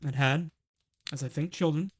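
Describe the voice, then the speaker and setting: Calm solemn ghost, man reading it, a touch higher and quicker. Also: dry recording, close to an everyday voice.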